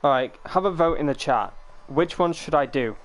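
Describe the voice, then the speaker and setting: A man's voice: fairly high pitch, animated, moderate pace, slight background noise. A man live-streaming a game, chatting casually with his viewers, joking and swearing freely, often repeating words as he thinks.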